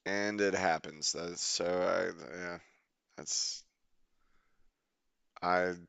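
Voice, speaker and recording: A young man casually commentating his game as a streamer, rambling, excitable and swearing freely. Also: low-pitched, very slow, creaky, smooth, dry recording.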